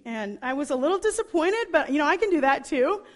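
High-voiced enthusiastic woman preacher. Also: brisk, few pauses. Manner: enthusiastic storytelling; chatty, lively asides. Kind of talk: sermon.

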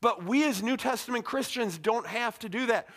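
A middle-aged man preaching a sermon in a conversational, animated way, with casual asides. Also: extremely high pitch, normal speed. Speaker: pastor.

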